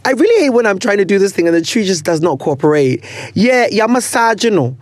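A man's voice: high voice, big pitch swings, a little fast, no room sound. A young man with a Ghanaian accent hosting a podcast in casual chat, playful and laughing often, mixing in bits of pidgin. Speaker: podcast host.

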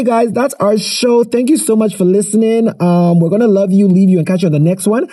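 Husky high-voiced man hosting a podcast. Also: expressive, brisk, warm tone. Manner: chatty, playful, self-promoting. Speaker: podcast host. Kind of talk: casual podcast chat.

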